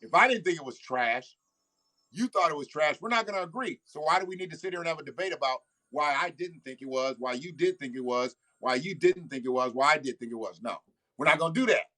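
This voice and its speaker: Bright, loose-talking man on a livestream. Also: a little high, animated, fast talker. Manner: loose, profane, talks back to viewers. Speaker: livestream host. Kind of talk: casual livestream chat.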